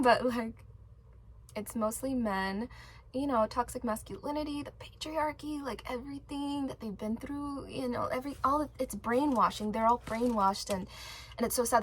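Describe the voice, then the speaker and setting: A woman's voice: fairly high pitch, a bit bright, slight background noise. Emphatic, rambling woman vlogger. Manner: emphatic, rambling, swears freely; many fillers and restarts. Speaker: spiritual vlogger. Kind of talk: casual monologue to camera.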